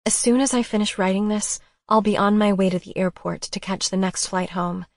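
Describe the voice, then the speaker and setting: A woman narrating a romance audiobook in the first person, expressive and emotional. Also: fairly low pitch, dry recording, studio quality.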